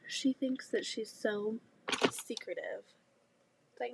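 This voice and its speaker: A woman in her thirties chats unhurriedly while she sews at home, her voice nasal and stuffed up from a cold. She pitches a little high and often drops to a near whisper. A faint hiss of room noise sits behind her. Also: takes it slowly, creaky, long pauses. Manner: talks softly, often half-whispering. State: congested with a cold. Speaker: vlogger. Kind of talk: casual chat while sewing. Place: home sewing room, indoors.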